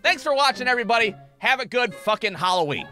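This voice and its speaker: A man telling a comedic animated story with a crude, swearing, exaggerated delivery. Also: extremely high pitch, quick pace, faint music behind.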